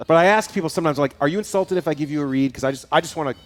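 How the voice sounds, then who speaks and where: A man chatting as a guest on a live show, rambling and telling animated stories with frequent laughs. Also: fairly high pitch, rapid-fire. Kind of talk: casual chat. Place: studio.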